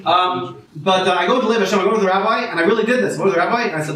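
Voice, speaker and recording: A man's voice: high voice, racing, fairly bright tone, a little hiss or hum. A man performing a rambling stand-up set, peppered with Hebrew and Yiddish words, before a live audience. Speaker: stand-up comedian. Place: small comedy venue with a live audience. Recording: echoey room from far off with a laughing crowd.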